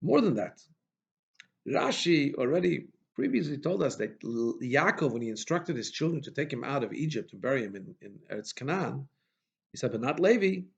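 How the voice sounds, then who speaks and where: A man's voice: medium pitch, big pitch swings, moderate pace, gravelly, lo-fi sound. A man teaching a Torah class as a rabbi, posing questions and emphatically restating verses, with many restarts. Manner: questioning, emphatic, frequent restarts and Hebrew terms.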